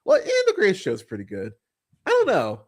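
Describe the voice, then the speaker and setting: His voice sits high and swoops wildly in pitch as he hosts a podcast. The chat is casual and rambling, with free swearing and a halting delivery thick with fillers and restarts.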